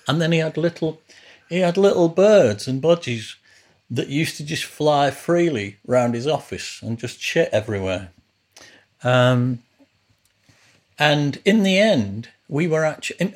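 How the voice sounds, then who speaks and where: A man hosting a podcast, telling rambling, casual stories about his early life as a musician. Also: medium pitch. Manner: rambling, with frequent restarts. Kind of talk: casual storytelling.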